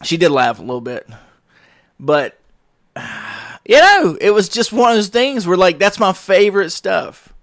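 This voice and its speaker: Animated middle-aged man telling stories. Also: on the high side, no room sound, clean studio sound. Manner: animated, jokey, laughs through his stories. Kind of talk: casual storytelling monologue.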